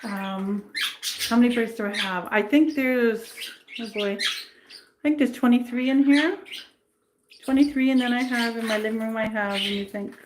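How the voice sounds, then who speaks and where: A woman's voice: a little high, moderate pace. A woman hosting a casual pet livestream, chatting in a rambling way and cooing at her birds. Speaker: pet channel host. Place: indoor bird room. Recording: clear bird noise in the background. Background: birds chirping and squawking.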